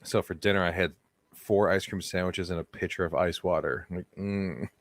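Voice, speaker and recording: A man with a low voice tells comedic stories on a podcast, animated and quick to laugh. The sound is dry and close, with no room echo. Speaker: podcast co-host. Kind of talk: comedic storytelling chat.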